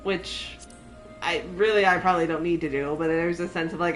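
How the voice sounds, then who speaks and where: A woman's voice: lowish voice, a little fast, soft background music. A woman chatting casually while playing a game on stream, rambling and giggling as she goes. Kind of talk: casual chat while gaming.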